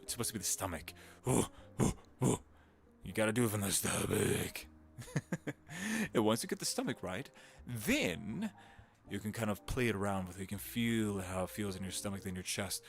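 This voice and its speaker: A man, a voice actor, chatting casually on a home livestream with a gravelly vocal fry, giggling and wandering between topics. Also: on the low side, animated, moderate pace. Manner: chatty, giggly, drifts into voice demos. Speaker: voice actor streaming.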